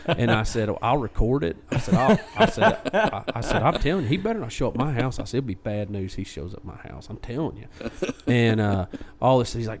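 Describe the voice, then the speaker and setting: A man co-hosting a podcast, casually retelling a story and acting out what others said in lively quoted voices. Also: mid-range voice, fairly quick, few pauses. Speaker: podcast co-host.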